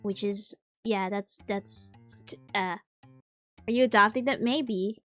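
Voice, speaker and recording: A woman vtuber chatting casually on stream, rambling and self-interrupting in an animated way. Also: medium pitch, slow, soft background music.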